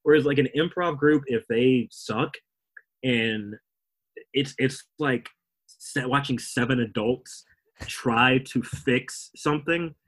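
A man's voice: medium pitch, takes it slowly, a bit bright, rough recording. A young man, a comedian guest, talking in a rambling, self-interrupting, wry way in a casual interview.

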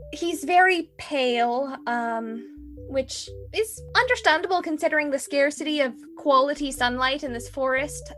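Young woman DM, high and bright, descriptive narration with fillers. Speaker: dungeon master. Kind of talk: narrating a tabletop game.

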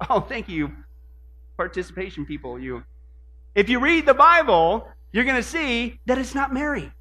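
A middle-aged male pastor preaching a sermon, reading scripture aloud and firing questions at his congregation, sometimes sinking low and quiet for warnings. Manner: emphatic preaching with call-and-response questions to the congregation; reads scripture aloud with sudden drops in pitch and volume for warnings.

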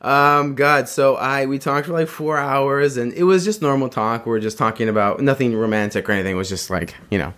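A man's voice: medium pitch, fairly quick, hardly any pauses, fairly bright tone. A man telling a personal story in a casual chat, rambling with many restarts and frequent laughs. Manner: rambling, laughing often, acts out voices in quotes.

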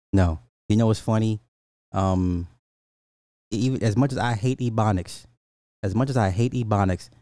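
A man's voice: lowish voice, dark tone, dry recording, studio quality. An American man giving a ranting reaction commentary, incredulous and mocking, repeating his points. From United States. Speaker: commentary host.

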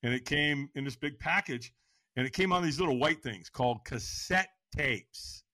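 A man's voice: medium pitch, normal speed, dry recording. A man in his sixties, a podcast guest telling his life story with energy, laughing and acting out voices. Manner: energetic, laughing, acts out quotes. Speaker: podcast guest, firewalk instructor. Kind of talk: animated personal storytelling.

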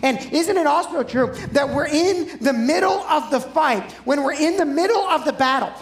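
A man's voice: extremely high pitch, lively intonation, normal speed, roomy sound. A man preaching a sermon as pastor, talking conversationally and putting questions to his listeners. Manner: conversational, asks the audience questions.

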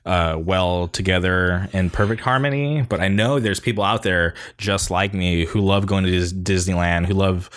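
A man with a deep, low voice hosts his podcast in a loose, rambling monologue. He sounds upbeat and chatty, and the recording is close and dry with no room sound. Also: moderate pace, hardly any pauses, no room sound. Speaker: podcast host. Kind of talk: casual spoken monologue.

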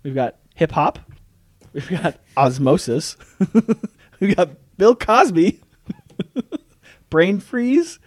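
Giggly, animated man in podcast chat. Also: high voice, drawn-out words, pauses often, no echo. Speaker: podcast co-host. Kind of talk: casual chat.

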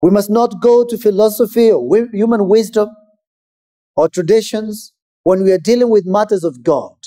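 A man preaching a sermon in a measured, emphatic way with pauses. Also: high-pitched, dark tone.

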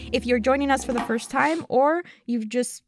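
A woman's voice: sits high, normal speed, over music. A woman from Puerto Rico hosting a podcast, chatting animatedly, laughing often and slipping into Spanish. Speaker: podcast host. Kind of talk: casual chat.

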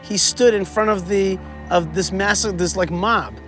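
High-voiced man guiding a history tour. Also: measured pace, faint music behind. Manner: animated, quizzes his listeners. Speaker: tour guide. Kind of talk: history lesson told on a tour. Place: outdoors at a historic site.

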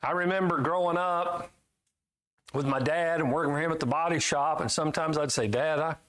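A middle-aged man preaching a sermon in a folksy, emphatic way, jumping from loud high points to low asides. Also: fairly quick.

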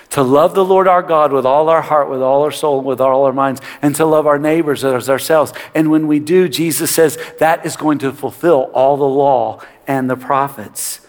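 A man's voice: on the high side, long reverb tail. A man pastor preaching a sermon, speaking earnestly and directly to his congregation.

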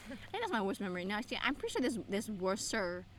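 A young woman chatting casually with a friend, telling stories in an animated, giggly way. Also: mid-range voice, fast, slight background noise. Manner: giggly, animated storytelling, frequent laughter. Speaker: friend answering questions. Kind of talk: casual chat.

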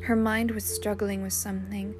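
A woman reading a novel aloud in a measured, steady way, with music behind. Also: mid-range voice. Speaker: audiobook reader. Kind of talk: scripted narration.

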